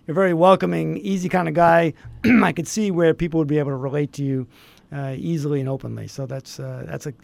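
A male interviewer with a slightly raised pitch and a gravelly, fry-laden voice. He talks in a halting, thoughtful way, stopping and restarting as he reflects. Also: fairly even intonation, a little mellow, no room sound. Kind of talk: interview conversation.

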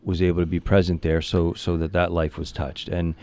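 A man, a priest, speaking in an interview and telling a story earnestly, with frequent restarts and lively animation. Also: low-pitched, brisk, clear, resonant tone, dry recording.

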